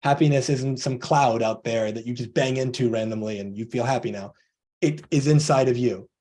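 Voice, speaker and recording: A man with a mellow, relaxed voice speaks earnestly as a coach on a video call. He talks through his points by playing out little back-and-forth conversations, voicing both sides himself. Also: medium pitch, moderate pace. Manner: earnest, acts out both sides of imagined dialogues. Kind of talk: motivational talk on a video call.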